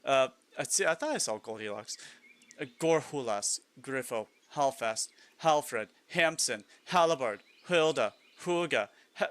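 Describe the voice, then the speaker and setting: A man's voice: medium pitch, expressive, unhurried, a bit bright. A man live-streaming a game in casual chat, reading lists aloud, musing, and chuckling often.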